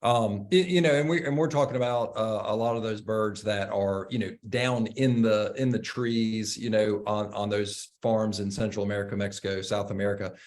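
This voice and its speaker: A man hosting a casual conversation, talking haltingly with many fillers and restarts. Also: on the low side, fairly even intonation, darkish tone.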